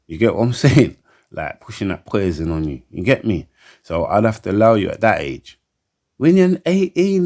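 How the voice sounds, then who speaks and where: A man's voice: deep voice, mellow. A man ranting heatedly to camera, stammering, repeating words and asking again and again whether you get him. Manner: heated and emphatic, keeps asking for agreement. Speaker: commentator. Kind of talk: opinion rant to camera.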